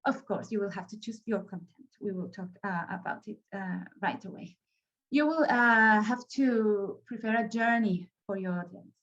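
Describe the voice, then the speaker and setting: A Spanish-accented woman trainer leads an online training workshop, halting often, with many fillers and restarts. Her voice is medium-pitched and a bit bright, and the sound is lo-fi.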